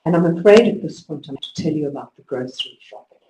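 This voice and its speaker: A woman's voice: low voice, fast talker, a little hiss or hum. Woman lecturing in an echoey hall. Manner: lively storytelling, emphatic instructions. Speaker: conference speaker. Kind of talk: conference talk to teachers. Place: conference hall. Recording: echoey hall, distant mic.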